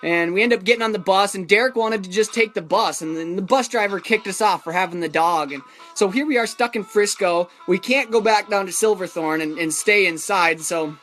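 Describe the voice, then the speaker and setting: A man's voice: sits high, fairly quick, a bit bright, faint music behind. A man casually telling a story about his own travels, rambling with lots of fillers and chuckles.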